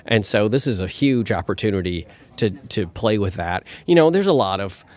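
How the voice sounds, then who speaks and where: A man's voice: fairly low pitch, lively intonation, moderate pace. A man, a screenwriter, answering red carpet questions with enthusiasm, thinking aloud and restarting his sentences.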